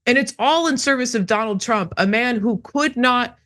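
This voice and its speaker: A woman's voice: fairly high pitch, normal speed, a bit bright. A woman giving political commentary on a news show, sarcastic and emphatic, laughing between points. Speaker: co-host commentator.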